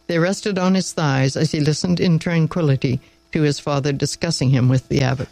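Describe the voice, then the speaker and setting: A man hosting a story reading, narrating in a calm, measured way. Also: on the high side, gravelly, no room sound, rough recording. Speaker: storyteller host.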